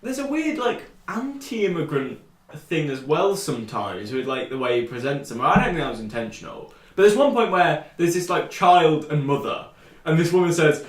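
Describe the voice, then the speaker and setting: Rambling British podcaster, echoey and off-mic. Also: male voice, normal speed. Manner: animated, rambling, shoots up in pitch when quoting. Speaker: podcast co-host. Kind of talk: casual chat.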